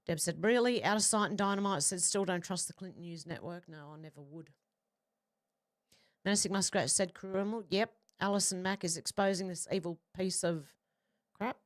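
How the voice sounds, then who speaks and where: A woman hosting a livestream, reading out viewer comments in casual chat with quick, chatty asides. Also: lowish voice. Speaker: livestream host.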